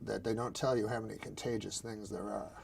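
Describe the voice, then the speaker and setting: A man doing a comedian's deadpan jokes and a halting, circling talk show story. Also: lowish voice, gravelly, noisy background. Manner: deadpan, halting, circling back over his own phrases. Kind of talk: deadpan joke delivery and rambling anecdote.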